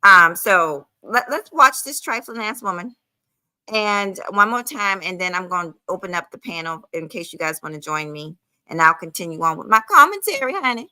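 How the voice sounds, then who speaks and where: A woman's voice: fairly low pitch, expressive, moderate pace, bright, forceful tone, dry recording, rough recording. A woman in her forties hosting a casual livestream commentary, chatty and calling her viewers honey. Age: 40s.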